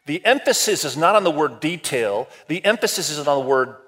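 A pastor preaching to a multi-campus church, his voice a bit higher than most men's, moves at a fairly quick clip. His sermon is lively and conversational, often turning to the congregation with questions and calls for a show of hands.

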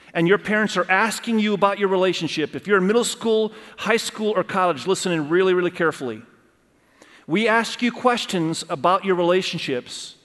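A middle-aged man delivers a sermon in a fairly high voice, earnest and emphatic, hammering his key points through repetition. His words ring out with a long reverb, as in a big church sanctuary. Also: a bit bright. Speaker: pastor. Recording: long reverb of a large hall.

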